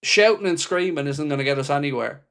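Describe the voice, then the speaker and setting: The fan channel host talks fast in a slightly high voice that is fairly bright, clear and resonant. He reads out viewers' comments during his football livestream and responds bluntly and passionately, swearing often.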